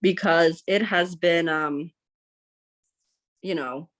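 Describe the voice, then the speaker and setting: A woman in her thirties, a podcast guest, giving casual advice and acting out quoted lines in lively voices. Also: fairly low pitch, takes it slowly. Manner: chatty, acts out quoted lines in bright voices.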